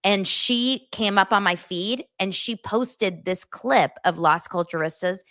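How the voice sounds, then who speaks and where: A woman hosting a casual chat podcast, telling stories quickly and excitedly, laughing often. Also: mid-range voice, no echo, studio quality. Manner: excitable, fast storytelling with lots of laughs. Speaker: podcast host. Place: home studio set.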